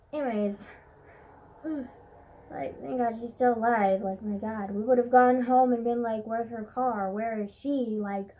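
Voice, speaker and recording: High-voiced rambling teen girl. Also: measured pace, mellow, lo-fi sound. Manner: rambling, filler-heavy, laughing, swears freely. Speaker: vlogger. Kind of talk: casual storytelling vlog.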